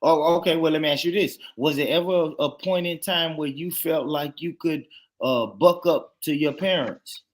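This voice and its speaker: Male host, slightly high voice, loud and playful, casual chat. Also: moderate pace. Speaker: podcast host.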